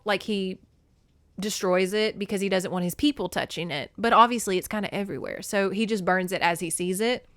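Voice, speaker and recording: A woman podcast host casually recapping a novel, chatty and animated, swearing freely. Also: mid-range voice, clean tone, no echo.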